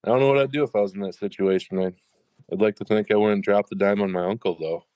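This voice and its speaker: A man's voice: on the low side, fast talker, mellow, dry recording. A man, a military veteran, talking on a podcast in a rambling way, full of fillers. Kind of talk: casual podcast conversation.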